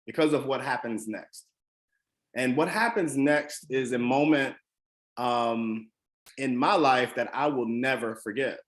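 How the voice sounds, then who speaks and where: A man from the Washington DC area tells a personal story to motivate his listeners. He speaks earnestly and emphatically, often pausing on "um" and restarting his sentences. His voice sits at an ordinary middle pitch.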